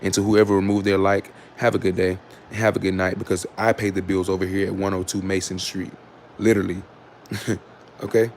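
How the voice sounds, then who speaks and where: A man's voice: low voice, little pitch movement, a little fast, slight background noise. A man hosting his own livestream, talking casually and candidly to his chat, rambling with fillers and restarts, sarcastic, sometimes scolding commenters. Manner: switches to loud scolding of commenters. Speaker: livestream host.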